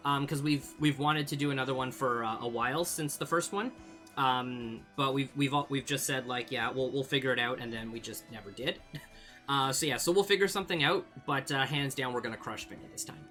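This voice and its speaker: A man's voice: mid-range voice, a little fast, sharp tone, soft background music. A young man from Canada answering viewer questions in a casual vlog, rambling with lots of fillers and small laughs. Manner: rambling, hesitant, many fillers, laughs easily.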